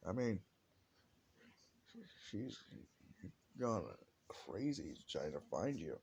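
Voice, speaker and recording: A man voicing a friendly police officer in a casual, polite manner with a lifted pitch. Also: very animated, extremely slow, darkish tone, slight background noise, exaggerated voice. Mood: reassuring.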